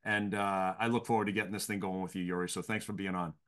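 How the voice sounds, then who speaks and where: A man's voice: low voice, fairly even intonation, quick pace, fairly bright tone. A man hosting a podcast, opening with an upbeat conversational introduction and interviewing his guest. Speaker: podcast host.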